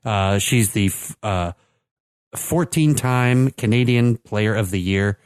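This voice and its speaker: A man's voice: lowish voice, slow pace, clean tone, no room sound. Chatty man, dry close sound. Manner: chatty, many fillers and restarts. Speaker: podcast co-host. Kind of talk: casual sports chat.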